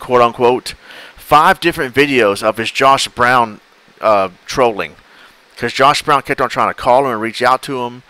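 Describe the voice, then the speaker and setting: A man's voice: medium pitch, pushed and bright, clear, resonant tone. A man co-hosting a podcast in casual chat, enthusiastic and rambling as he recounts videos. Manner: enthusiastic, rambling, acts out clips. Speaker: podcast co-host.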